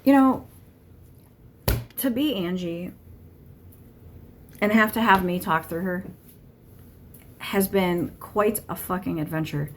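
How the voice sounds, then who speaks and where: A woman's voice: on the low side, slow, long pauses, slight background noise. A woman giving a channeled monologue to camera, blunt and irritated, swearing constantly. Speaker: tarot channeler.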